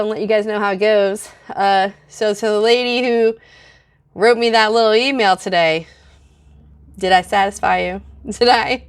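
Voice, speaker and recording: Middle-aged woman vlogger, mid pitch, candid and venting, casual delivery. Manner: candid, venting, frequent fillers. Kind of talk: casual vlog.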